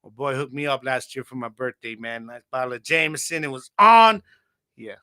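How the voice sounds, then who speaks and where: With a smooth, mid-range voice at normal speed, a man hosting a podcast shares a childhood tale. He's animated and slangy, addressing his listeners head-on.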